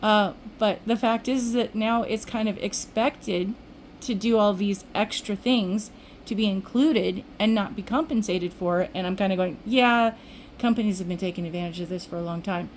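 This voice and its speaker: A woman's voice: mid-range voice, fairly even intonation, moderate pace, a little mellow, slight background noise, poor audio. An older woman vlogging, telling a rambling everyday story in casual chat with restarts. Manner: chatty, rambling, with restarts and acted-out quotes.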